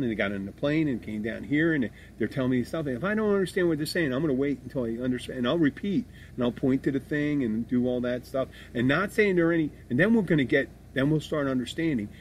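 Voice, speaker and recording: A middle-aged man hosting a casual podcast about bar work, talking in a rambling, profane way with many restarts. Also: medium pitch. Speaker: podcast host, bartender. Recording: faint background noise.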